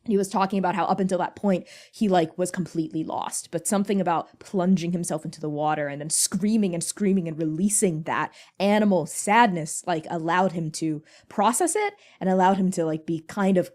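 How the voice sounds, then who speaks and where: A woman on a convention panel talks in a lower-pitched, loose, chatty way. She is earnest and fills her sentences with "like." The delivery stays conversational. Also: brisk, few pauses, a little mellow. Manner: chatty, frequent "like" fillers, earnest. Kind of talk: casual panel discussion.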